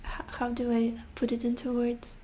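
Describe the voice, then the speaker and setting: A woman's voice: on the high side, completely flat delivery, normal speed, dark tone, slight background noise. A young woman giving a casual tarot reading, musing intuitively with sassy asides. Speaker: tarot reader.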